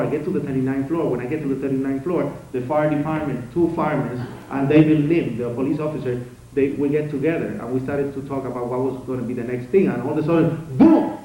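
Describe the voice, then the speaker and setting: A man giving a conference speech as first-person testimony, telling it dramatically with swings between loud outbursts and hushed passages. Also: medium pitch. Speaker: conference speaker. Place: conference hall. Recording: very echoey hall, distant mic, faint noise.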